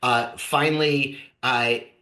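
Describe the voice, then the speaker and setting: A man presenting a webinar while fighting a cold, his voice nasal and congested. His tone is bright and upbeat, in a conversational manner. The audio comes through a computer mic in an echoey room. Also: medium pitch, fairly even intonation, slow pace. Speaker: host and company president.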